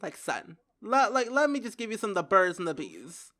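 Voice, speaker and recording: A young woman giving casual gameplay commentary who giggles, gets excited and says "like" a lot. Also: mid-range voice, normal speed. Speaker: gaming video creator.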